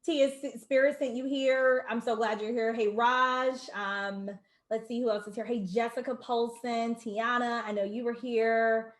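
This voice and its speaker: A woman's voice: on the high side, steady tone, a little slow, echoey room. A woman hosting an online launch party over a video call, effusive and emotional, greeting viewers by name.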